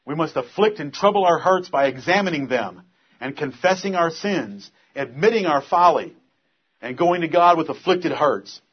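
Husky-voiced man preaching earnestly. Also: a little high, animated, moderate pace, highs cut off. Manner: earnest preaching, rising and forceful when reading scripture. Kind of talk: sermon.

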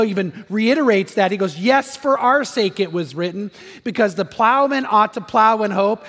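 A high-pitched man preaching in an earnest, repetitive way, often turning to the congregation with questions. His voice rings through a large, reverberant church hall with a long tail. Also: a bit bright. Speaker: pastor. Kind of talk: sermon.

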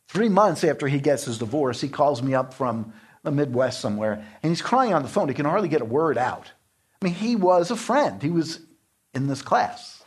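Earnest older male Bible teacher, husky. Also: a little high. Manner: emphatic, earnest, with rising outbursts. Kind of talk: sermon.

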